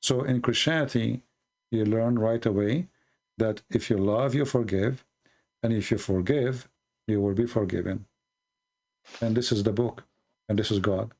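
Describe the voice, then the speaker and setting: A man hosting a live call-in stream, earnestly explaining religious ideas with pauses and fillers. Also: lowish voice, darkish tone.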